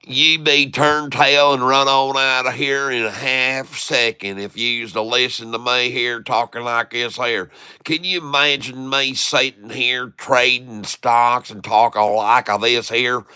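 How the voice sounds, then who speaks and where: A man's voice: mid-range voice, fairly even intonation, measured pace, sharp tone, clear, resonant tone, no echo. A man putting on the voice of a joking rural Southern man with a thick Southern drawl. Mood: folksy. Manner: drawling, folksy, chuckling.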